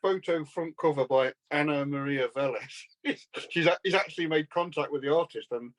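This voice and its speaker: A man co-hosting a casual podcast, with a voice pitched a little high. He tells long, rambling anecdotes and often laughs as he talks. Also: normal speed, poor audio. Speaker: podcast co-host. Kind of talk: casual chat.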